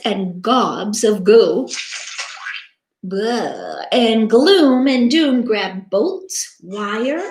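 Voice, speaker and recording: In an echoey room, a woman teacher gives an unhurried, lively read-aloud of a children's picture book. Her high voice rises and falls expressively as she gasps dramatically and encourages her listeners to take part.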